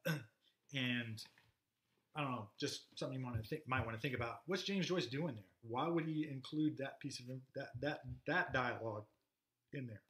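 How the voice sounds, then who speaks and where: A man giving a casual, halting literature lecture, stopping often with fillers and reading passages aloud. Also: mid-range voice, fairly bright tone. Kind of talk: recorded classroom lecture. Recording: roomy echoey room.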